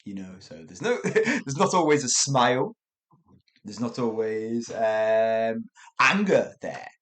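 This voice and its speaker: A man hosts a podcast lesson on English. His voice rises and falls with expressive pitch as he acts out the example phrases and chuckles between points. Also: slow. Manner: lively, demonstrates tones with acted examples, chuckles often.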